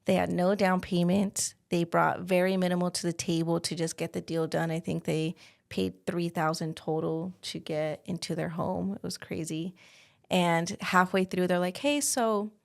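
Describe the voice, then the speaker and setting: This woman speaks at a moderate pace in a gravelly, low-ish voice with a flat delivery. She works in real estate and is chatting as an interview guest, spinning casual stories packed with "like" fillers.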